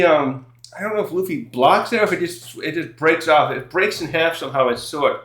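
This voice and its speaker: A man reviewing a comic chapter in casual chat, rambling with many fillers, self-corrections and frequent chuckles. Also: fairly high pitch. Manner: laughs often while recapping. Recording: roomy echo.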